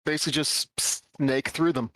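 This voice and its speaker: A man playing in a tabletop role-playing game, speaking softly and hesitantly with many uhs as he describes his moves. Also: fairly high pitch, steady tone, normal speed, dry recording. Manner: soft-spoken, hesitant. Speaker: player. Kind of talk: tabletop role-play chat.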